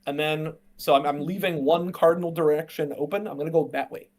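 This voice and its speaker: A man plays a tabletop game and lays out his plans. His voice is a little high. He talks fast and eagerly, and often restarts his sentences. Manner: quick, excitable, restarting sentences. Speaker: player.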